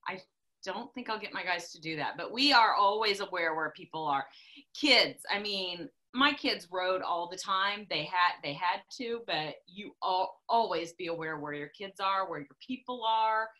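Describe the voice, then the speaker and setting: A middle-aged woman talks casually in a lowish, bright voice with a forceful tone and normal speed. Preaching farm safety, she is blunt and emphatic, repeating herself to hammer the point home.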